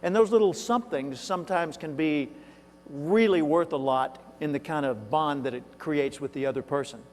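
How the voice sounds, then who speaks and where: A man's voice: on the high side, normal speed, a little mellow. A man from Arkansas with a toned-down Southern accent, giving a keynote speech and telling folksy stories with asides to the audience. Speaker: keynote speaker. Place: large hall. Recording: reverberant hall, live event.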